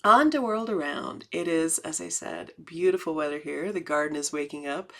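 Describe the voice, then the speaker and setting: A woman's voice: sits low, normal speed, creaky, bright, forceful tone. A middle-aged American woman hosting her cross-stitch channel, chatting casually to viewers and laughing easily as she shows projects. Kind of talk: casual show-and-tell vlog.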